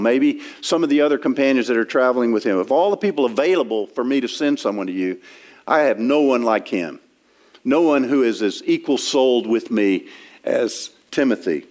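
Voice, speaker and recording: A man's voice: mid-range voice, lively intonation, brisk, a little mellow. A man preaching an expository sermon in a church, talking in a conversational way with frequent restarts while he quotes and explains scripture. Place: church sanctuary.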